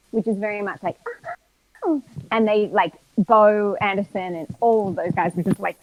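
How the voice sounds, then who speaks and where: Lively Australian woman telling stories. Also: medium pitch, rough recording. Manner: lively storyteller, acts out quotes, laughs often. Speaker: voice actor guest. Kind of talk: casual live-stream interview.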